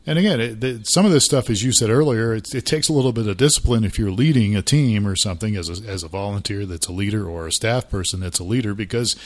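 A man's voice: on the low side, fast, few pauses. A middle-aged man co-hosting a casual podcast about church life, chatty and self-deprecating. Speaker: podcast co-host.

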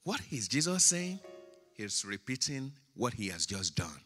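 A male pastor preaching a sermon, swinging from quiet, drawn-out words to loud, emphatic lines. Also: medium pitch, sing-song, slightly rough, faint music behind. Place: church sanctuary. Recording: church hall with long reverb.

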